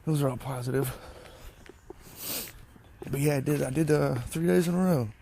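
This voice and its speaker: A young man rambling casually on his own vlog, thinking out loud and swearing freely as he talks outdoors into a phone. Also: fairly high pitch, normal speed, vocal fry, a little hiss or hum. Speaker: podcast host, delivery driver. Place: outdoors at home.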